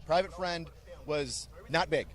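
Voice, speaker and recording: Animated drill sergeant man telling stories. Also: on the high side, takes it slowly. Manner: animated, blunt, joking storyteller. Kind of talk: storytelling in an interview.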